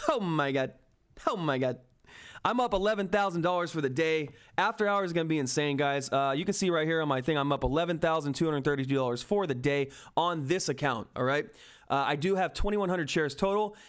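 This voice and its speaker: A man hosting a stock trading livestream, giving excited market commentary and constantly addressing viewers as guys. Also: a little high, clear, resonant tone. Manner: excitable, keeps addressing viewers as guys and asking "all right?".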